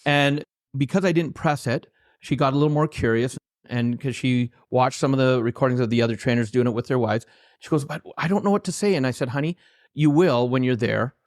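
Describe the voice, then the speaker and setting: A man's voice: medium pitch, steady tone, a little fast, a little mellow, dry recording, clean studio sound. A man guest on an interview podcast, telling heartfelt personal stories and acting out the lines of the people in them. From Canada. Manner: heartfelt, anecdotal, quotes his own dialogue. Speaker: author and trainer, guest.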